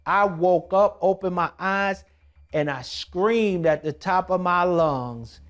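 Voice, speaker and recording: Slow-spoken man telling his testimony. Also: sits high, soft background music. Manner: emphatic storytelling, from hushed to shouting. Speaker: documentary vlogger. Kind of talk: personal testimony.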